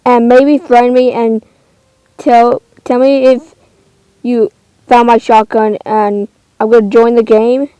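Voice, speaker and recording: Gamer woman, casual commentary, high voice, slow delivery, exclaims and rambles, dry close sound. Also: level tone, warm tone, clear, resonant tone, dry recording, rough recording.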